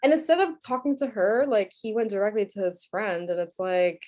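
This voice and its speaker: This is a woman with a New York accent chatting casually about a film she watched. She talks in an animated way, laughs often and swears freely. Her voice sits at an ordinary middle pitch for a woman. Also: brisk. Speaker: podcast co-host.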